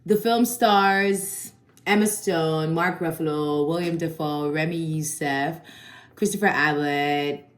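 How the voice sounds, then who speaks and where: A woman's voice: deep voice, takes it slowly. A woman giving a casual, chatty film review full of slang and swearing. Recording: echoey room.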